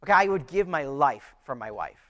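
A man's voice: on the high side, big pitch swings, a little fast, a bit bright. A pastor preaching a sermon to his church, earnest and conversational, often restarting his phrases.

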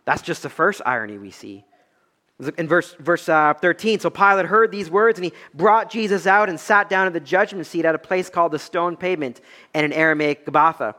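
Man preaching, bright tense voice, emphatic rises and drops, long hall reverb. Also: brisk. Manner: emphatic preaching, swinging between loud high peaks and low quiet stretches. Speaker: pastor. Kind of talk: expository sermon.

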